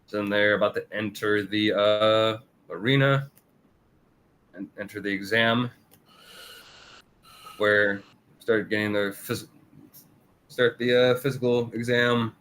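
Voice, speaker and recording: A man's voice: little pitch movement, measured pace, pauses often, a bit bright. A man co-hosting a casual review chat, often laughing and acting out character lines. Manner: laughs often, acts out character quotes with raised pitch. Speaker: podcast co-host.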